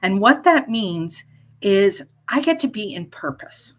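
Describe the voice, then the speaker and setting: A woman in her fifties talks as an interview guest in a relaxed, chatty way. She is playful and lively and keeps restarting her sentences. Her pitch sits in a middle range for a woman. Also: measured pace. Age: 50s. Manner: lively, playful, restarts often, acts out little scenes. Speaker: guest, life coach. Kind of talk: casual interview chat.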